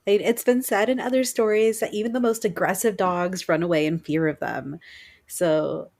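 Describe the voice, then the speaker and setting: A woman co-hosting a podcast, telling a spooky story in lively casual chat. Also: mid-range voice, moderate pace. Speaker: podcast co-host.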